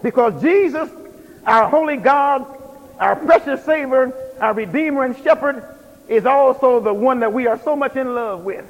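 A man's voice: extremely high pitch, moderate pace, lo-fi sound. A man preaching a sermon with emphatic, rhythmic delivery and repeated phrases. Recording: long hall reverb.

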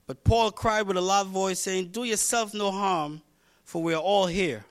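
A man preaching a sermon, reading scripture and repeating lines as he builds toward shouting. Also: sits high, steady tone, unhurried. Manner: reads scripture aloud, talks to congregation by name. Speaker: pastor.

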